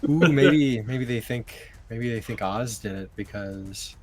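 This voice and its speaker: A man's voice: medium pitch, a little slow, crowd noise. A man playing a tabletop game, joking and playful in casual chat. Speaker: player.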